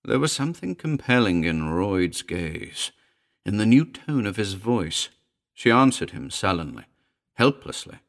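Deep gravelly man narrating a ghost story. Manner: measured, expressive storytelling.

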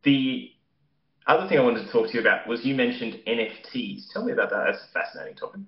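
A man's voice: medium pitch, very animated, quick pace, reverberant, highs cut off. A man hosting a podcast interview in a friendly, complimenting manner. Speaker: podcast host. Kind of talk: casual interview.

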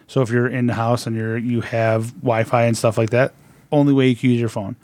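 A man's voice: mid-range voice, little pitch movement, fairly quick, a little mellow. A man chatting casually, rambling through family stories with laughs and swearing. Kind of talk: casual storytelling chat.

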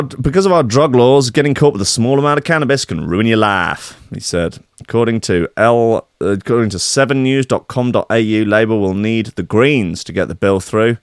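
Man, radio host, sarcastic, chatty, animated pitch. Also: vocal fry, no room sound, studio quality. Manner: sarcastic, chatty, laughs often. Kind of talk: casual chat show.

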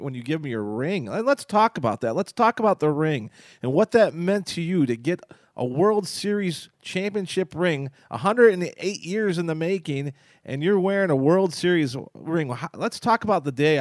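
A man's voice: a little high, animated, normal speed, no echo, clean studio sound. Effusive man hosting an interview. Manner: effusive, admiring, chatty. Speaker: host. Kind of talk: podcast interview.

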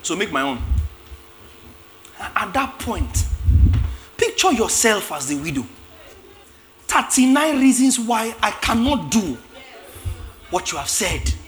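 Male preacher, high lively voice, bright tone, animated sermon. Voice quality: animated, acts out biblical characters with shouts and laughter.

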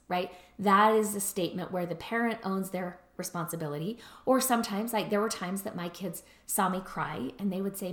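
A woman's voice: medium pitch, a little fast, few pauses, reverberant. A middle-aged woman therapist who explains in a casual lecture, often checking in with "right?" and "like". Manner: conversational, explains with frequent "right?" and "like".

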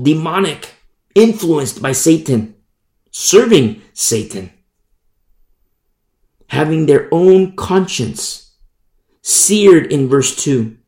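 A man delivers a sermon as a pastor, his voice a touch high and gravelly. He preaches emphatically, repeating phrases and sometimes mimicking hypocrites mockingly. The sound carries a roomy echo.

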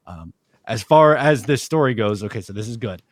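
A man's voice: mid-range voice, lively intonation, moderate pace, dry recording. Twenties guy cohosting a sports podcast, rambly storyteller, dry close sound. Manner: rambling storyteller, laughing often. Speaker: podcast co-host. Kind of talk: casual sports chat.

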